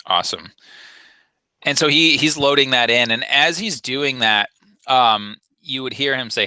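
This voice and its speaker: A man's voice: mid-range voice, expressive, moderate pace, bright, forceful tone, dry recording, low-quality recording. A man narrating a tabletop game as game master, casual and full of fillers.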